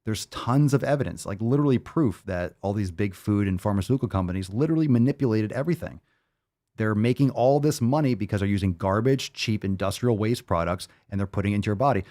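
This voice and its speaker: A man's voice: on the low side, fast talker, warm tone. A male podcast host ranting bluntly and profanely in a monologue.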